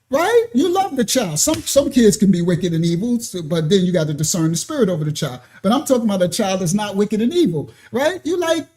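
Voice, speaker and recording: A man preaching a conversational sermon, often asking "right?" and acting out quoted voices. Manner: animated, acts out quoted voices with rising pitch; conversational, repeatedly asks "right?". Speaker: pastor.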